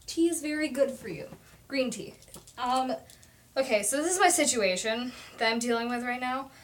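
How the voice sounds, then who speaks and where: A young woman from Oklahoma hosting a casual live stream at home, talking fast and rambling chattily. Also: high voice, expressive, a little hiss or hum. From Oklahoma, USA. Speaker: livestream host. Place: at home at her desk.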